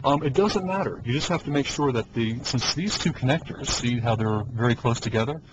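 A man's voice: mid-range voice, fairly quick. A man giving an easygoing, hands-on demonstration beside a car engine, coaching helpers and chuckling often. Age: adult. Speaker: conversion kit installer. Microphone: camcorder microphone. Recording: dull lo-fi camcorder audio with steady noise.

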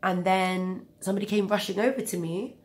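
A woman's voice: medium pitch, fairly even intonation, a little fast. A young woman with a cold telling a story in a chatty, rambling vlog style. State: has a cold, coughing. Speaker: vlogger. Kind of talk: casual storytelling.

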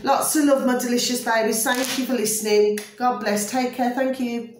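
A woman's voice: fairly high pitch, fairly even intonation, moderate pace, a little hiss or hum. A woman talking casually to her followers, rambling and repetitive, exasperated but affectionate, often asking if they follow her. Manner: rambling, repetitive, keeps checking listeners follow. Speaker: vlogger. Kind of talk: casual ranting monologue. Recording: echoey room.

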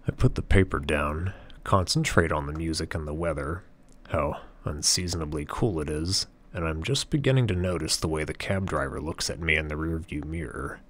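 A man narrating an audiobook in the first person, in a measured, cool, detached tone. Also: very deep voice, fairly bright tone.

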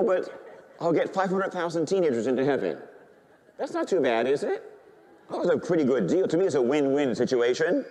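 A man's voice: on the high side, sing-song, fast talker, a little mellow. A male Catholic priest preaching a sermon, telling his story animatedly and bantering with the congregation. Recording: long hall reverb.

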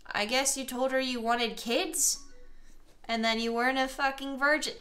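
A young woman playing a chat game, reading messages aloud and swearing as she gets loud and exasperated. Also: fairly high pitch, fairly even intonation, brisk. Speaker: gaming streamer. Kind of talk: let's play commentary, reading chat aloud.

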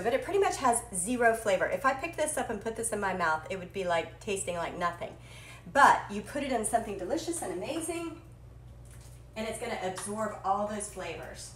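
A woman's voice: mid-range voice, noisy background. A woman hosting a live cooking stream from her home kitchen, chatty, bubbly and self-deprecating. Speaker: cooking show host. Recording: echoey kitchen with faint clatter.

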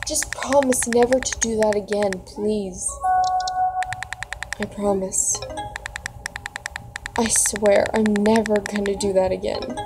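A woman reading text messages aloud for a reaction video, breaking into dramatic, expressive outbursts. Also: mid-range voice, low-quality recording.

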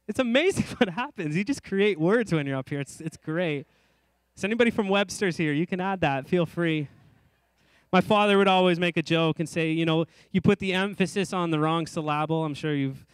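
Bright, clear-voiced preaching man. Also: fairly high pitch, normal speed, dry recording. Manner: earnest, conversational preaching with self-deprecating asides. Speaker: pastor. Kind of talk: sermon. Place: church sanctuary.

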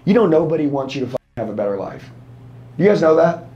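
A man in his thirties, working as a sales trainer, delivers a fired-up motivational seminar talk to a packed room that is blunt, profane, and confrontational. His voice sits fairly high, swings widely in pitch, and moves fast, though the audio sounds dull.

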